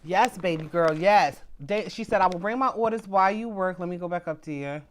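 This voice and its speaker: A woman's voice: fairly low pitch, brisk. A middle-aged woman hosts a casual livestream from home. She talks straight to her viewers, reads their comments aloud and thanks them by name. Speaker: livestream host.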